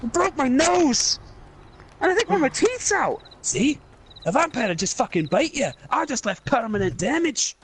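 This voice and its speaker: A rowdy young Scottish man gives loud, sweary commentary while playing a game, laughing often. His voice sits high and swings about energetically, with faint noise behind it. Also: very animated, moderate pace. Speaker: gaming YouTuber. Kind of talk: let's play commentary.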